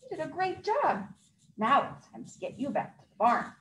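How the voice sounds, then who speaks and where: A woman's voice: high voice, big pitch swings, moderate pace, slight background noise. A woman voicing a jolly, kind old Santa Claus in a storybook read-aloud, hearty and encouraging. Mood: kindly. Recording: echoey room.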